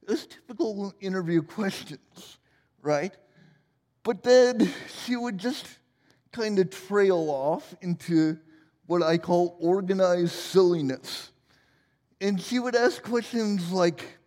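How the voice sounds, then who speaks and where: A man's voice: high voice, takes it slowly, a little mellow, big-room sound. A man in his forties preaching a sermon in a church, joking and self-deprecating as he tells stories. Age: 40s. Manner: humorous, self-deprecating storytelling. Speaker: pastor. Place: church sanctuary.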